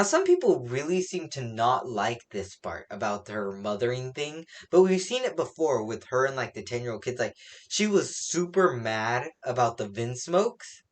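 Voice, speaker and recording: A reviewer casually recapping a comic chapter, rambling with many fillers and laughing at their own slips. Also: mid-range voice. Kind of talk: casual spoken recap and opinion.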